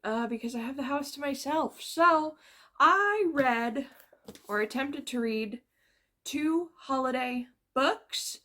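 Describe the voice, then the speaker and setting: Woman book vlogger, high voice, chatty and rambling at home. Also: lively intonation, slow, sharp tone. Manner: chatty and rambling, with playful asides. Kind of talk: casual chat to camera.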